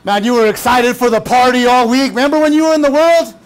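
A male pastor preaching a sermon, animated and casual, with shouted bursts and playful mock voices. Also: extremely high pitch, fast talker, smooth. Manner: casual slangy talk.

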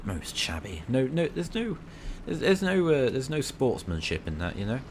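Excitable man commentating gameplay. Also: medium pitch, normal speed, slight background noise. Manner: excitable, banters at enemies with mock outrage. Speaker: gaming video creator.

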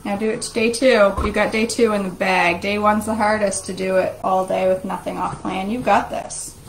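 A woman's voice: medium pitch, fairly even intonation, moderate pace, poor audio. Chatty woman in her kitchen. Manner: chatty, jokey, talks to viewers while cooking. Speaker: vlog host making a shake. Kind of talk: casual live-stream chat. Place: home kitchen. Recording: home kitchen recording with clear background noise.

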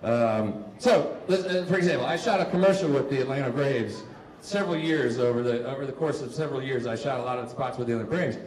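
A man's voice: medium pitch, fast talker, a little mellow. A man performing a stand-up comedy set, self-mocking, acting out both sides of his stories with rising exasperation. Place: comedy stage before a live audience. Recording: roomy live stage sound from far off, crowd noise. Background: audience laughter.

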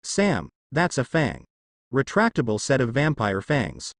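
A man's voice: mid-range voice, huge pitch swings, a little slow, dry recording. Guy playing a sarcastic joking hunter dude, dry close mic. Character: sarcastic wisecracking young male hunter.

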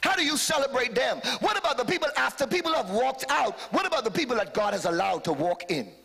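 Male bishop, high bright tenor, fervent sermon delivery in a long-reverb church hall. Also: sing-song, quick pace, creaky, slightly rough. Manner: fervent preaching, calls to the congregation, sudden shouted peaks. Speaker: bishop preaching. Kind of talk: live sermon.

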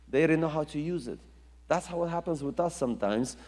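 A man's voice: fairly high pitch, lively intonation, fairly quick, darkish tone. Man preaching in an echoing hall. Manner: emphatic, rising and falling delivery with repetition. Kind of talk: sermon.

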